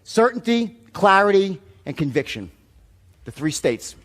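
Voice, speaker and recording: A man giving a seminar talk as a sales trainer, telling stories in an animated, profane way. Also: sits high, measured pace.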